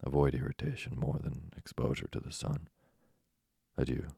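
A man voicing a calm old doctor. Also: extremely low pitch, moderate pace, creaky, husky, no room sound, clean studio sound, exaggerated voice. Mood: dry, probing. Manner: mumbling, matter-of-fact, imperturbable. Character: eccentric old male French doctor, calm, probing. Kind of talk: audiobook reading.

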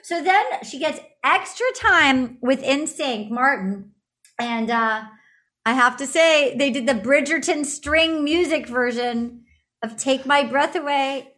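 High-voiced woman hosting a chatty podcast. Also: takes it slowly. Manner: animated, laughs loudly, recaps with rambling restarts. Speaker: podcast host. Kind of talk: casual comedic chat.

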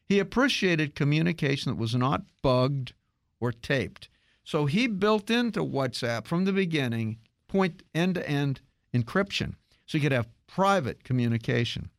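A man hosting a radio tech show, telling a story in a lively, casual way with many restarts. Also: on the high side, unhurried, no echo, studio quality. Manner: animated storytelling with frequent restarts.

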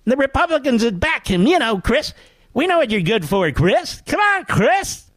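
A goading male TV anchor, put on by a man, taunting and eager. The voice is high and jumps around in pitch. It is recorded close and dry. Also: sing-song, moderate pace, fairly bright tone, dry recording, heavily acted. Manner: taunting, repetitive egging on.

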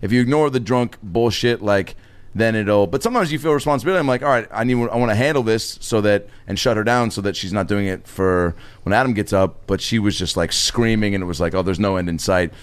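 A comedian hosting a podcast, telling loose, profane stories with a lot of laughter in casual chat. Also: male voice, on the low side, fast, smooth, no echo.

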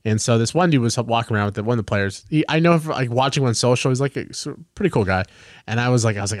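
A man's voice: mid-range voice, very fast, dry recording, studio quality. A man chatting casually on a podcast about a sports weekend, telling stories and acting out his own quotes. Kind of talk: casual chat.

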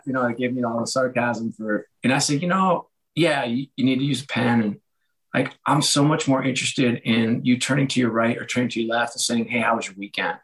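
A middle-aged man whose voice is a little hoarse, telling stories in a relaxed conversational way and acting out the lines of the people he quotes. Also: mid-range voice, rough recording. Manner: animated, acts out quoted dialogue. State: slightly hoarse. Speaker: guest, author and former sports executive. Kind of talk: casual conversational storytelling.

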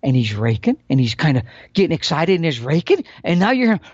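A man explaining elk calling tactics in a folksy, animated storytelling manner. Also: a little high, fast talker, slightly rough, no room sound, lo-fi sound. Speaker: elk hunting instructor.

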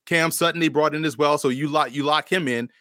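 A man's voice: on the high side, steady tone, fairly quick, a bit bright, dry recording, studio quality. A man appearing as a guest draft analyst, confidently laying out his reasoning point by point. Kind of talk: casual podcast analysis.

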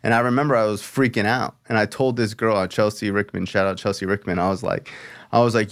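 A man's voice: on the low side, steady tone, fast. A man hosting a podcast, telling a story in a loose, profane way full of "like" and fillers. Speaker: podcast host. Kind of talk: casual storytelling.

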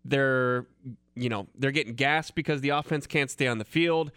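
An American man co-hosting a sports podcast, talking in a measured, reasoning way. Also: mid-range voice, a bit bright, smooth, dry recording, studio quality. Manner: measured, hedging, builds arguments. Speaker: podcast co-host. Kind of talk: casual sports talk.

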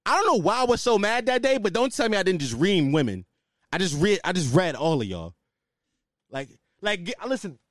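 A man with a high-sitting voice hosts his own podcast, ranting casually in loose, slangy language. The recording is dry with clean studio sound.

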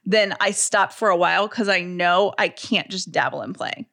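Chatty, bright-voiced female co-host. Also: fairly low pitch, normal speed, gravelly. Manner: chatty, upbeat. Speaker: podcast co-host. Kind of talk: casual chat.

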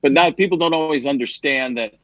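A man's voice: on the high side, fairly quick, no room sound, lo-fi sound. A male comedian guest chatting casually on a talk show, telling stories, laughing often and slipping into voices. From based in Arizona. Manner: animated storyteller, slips into voices and laughs often.

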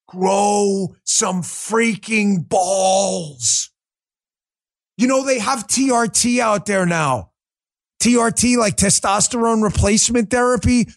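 A man hosting a livestreamed political commentary show, talking in a combative, sarcastic rant. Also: high-pitched. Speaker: political talk show host.

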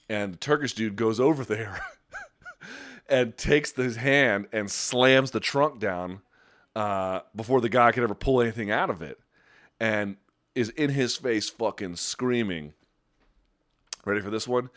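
A man hosting a podcast, telling stories and chatting casually with a rambling, profane, animated delivery. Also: fairly low pitch, moderate pace. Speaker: podcast host. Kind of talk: casual chat and storytelling.

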